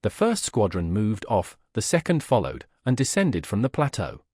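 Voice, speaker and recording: A man reading a classic adventure novel aloud as an audiobook narrator, in a lively, expressive way. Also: fairly low pitch, moderate pace, husky, dry recording, studio quality.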